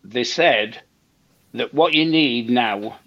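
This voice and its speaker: A man's voice: mid-range voice, slow, no echo, muffled recording. An older man, telling a story as a guest in a casual chat and repeating himself for emphasis. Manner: animated anecdote teller, repeats himself for emphasis, acts out quotes. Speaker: guest comedian.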